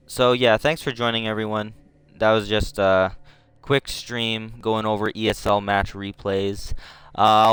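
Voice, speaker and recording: A male streamer giving casual live commentary on replays, slangy and excitable, jumping to shouts at tense moments. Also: fairly low pitch, smooth, dry recording. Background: music.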